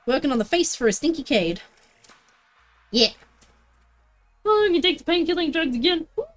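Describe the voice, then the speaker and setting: Crafting on a live stream, she chats casually and playfully with her viewers, frequently breaking into song or laughter. Her high voice has a sing-song quality at a moderate pace.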